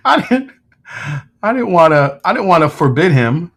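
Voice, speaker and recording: A man's voice: on the high side, a bit bright. A man hosting a casual whiskey livestream, giving tasting notes, joking with chat and swearing freely.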